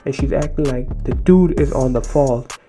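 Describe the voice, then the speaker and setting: A man's voice: mid-range voice, normal speed, warm tone, faint music behind. A man giving casual, amused voice-over commentary on viral clips. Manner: amused, slangy remarks. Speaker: compilation commentator.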